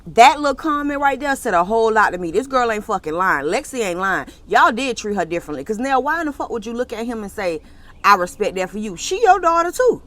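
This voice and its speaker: A woman's voice: mid-range voice, fast talker, no room sound. Sassy woman recapping a reality show. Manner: animated and sassy, with slangy asides like honey and child; laughs and exclaims often while retelling scenes. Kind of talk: casual gossipy recap commentary.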